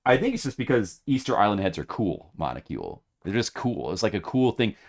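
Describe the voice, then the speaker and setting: A man streaming a retro video game, talking to his audience in a mock-dramatic way that swings from loud hype to quiet muttering. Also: fairly low pitch, sing-song, a little fast. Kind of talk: casual gameplay commentary. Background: video game music.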